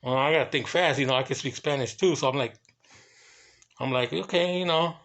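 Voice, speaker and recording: A man who works hotel security, telling a casual story in loose, halting runs and bursting into profane exclamations. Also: mid-range voice. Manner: excitable and profane, breaks into quoted exclamations; talks in loose, halting runs with many fillers.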